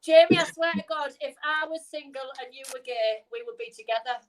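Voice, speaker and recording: A woman's voice: high-pitched, fairly quick, low-quality recording. A British woman co-hosting a casual live stream over a video call, cheeky and bubbly, laughing often. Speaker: co-host.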